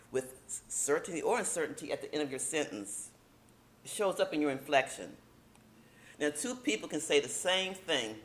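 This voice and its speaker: A woman teaching a speaking workshop in a casual, emphatic way, slowing down to stress key points. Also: low-pitched, slight background noise.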